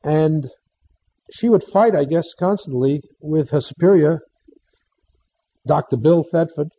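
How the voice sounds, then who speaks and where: A man with a husky, somewhat high voice tells a story in short phrases, pausing often for emphasis. His delivery is unhurried. The recording sounds dull and lo-fi. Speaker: speaker telling a story to an audience. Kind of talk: storytelling talk.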